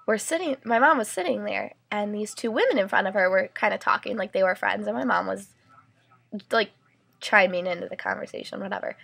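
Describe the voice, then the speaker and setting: Bright gravelly young woman vlogger. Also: mid-range voice. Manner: chatty, many fillers and "like"s, indignant rant. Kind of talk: casual storytelling to camera.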